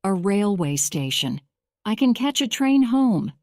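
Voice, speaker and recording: A woman voicing an excitable, boastful male toad in an audio storybook, pleading in a raised, louder voice. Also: a little slow, dry recording, studio quality. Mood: hopeful. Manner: pleading, self-pitying, higher and louder than the narration.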